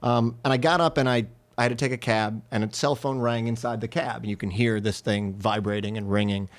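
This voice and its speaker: A man's voice: mid-range voice, brisk. A man from North Carolina, a comedian, telling a comic story as a podcast guest and acting out the people in it. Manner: animated, acts out the people in his story.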